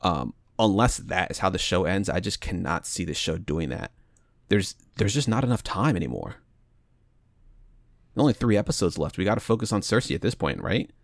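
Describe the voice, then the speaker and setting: A man's voice: sits low, expressive, normal speed, creaky, no echo, studio quality. A man casually talking over a TV show's plot as a podcast co-host, rambling and restarting as he mulls theories aloud. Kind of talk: casual TV recap chat.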